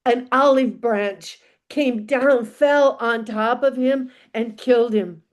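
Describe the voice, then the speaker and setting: A woman's voice: on the high side, fairly even intonation, takes it slowly. A woman voicing plain-spoken village friends, matter-of-fact.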